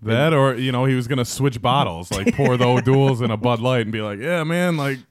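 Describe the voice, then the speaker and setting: A man's voice: mid-range voice, fairly quick, no echo, clean studio sound. A man in casual podcast chat, laid-back and joking, swearing offhandedly.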